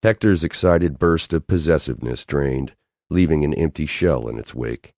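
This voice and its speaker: A man's voice: rumbling low, lively intonation, moderate pace, a little mellow, dry recording. A man narrating a romance audiobook in an intense, dramatic way on a close studio mic. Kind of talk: scripted narration.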